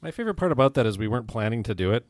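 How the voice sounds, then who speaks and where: A man co-hosting a casual podcast, firing off quick wisecracks and banter. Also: medium pitch, very animated, no room sound. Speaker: podcast co-host. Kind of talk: casual chat.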